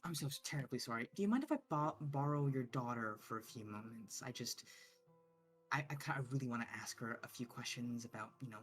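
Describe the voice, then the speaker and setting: A man voicing a confident, effusive woman who chats quickly and asks probing questions. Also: extremely low pitch, faint music behind. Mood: gushing. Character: confident, gushing red-haired woman in a sleek suit.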